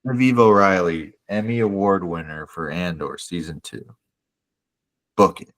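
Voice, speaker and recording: A man co-hosting a podcast in casual chat, animated, acting out characters' lines. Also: deep voice, normal speed. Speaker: podcast co-host.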